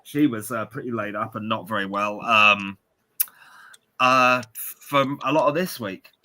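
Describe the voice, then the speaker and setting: A man's voice: on the low side, a little slow, pushed and bright. A British man in his forties co-hosting a podcast, telling rambling, self-mocking stories in casual chat. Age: 40s. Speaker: podcast co-host.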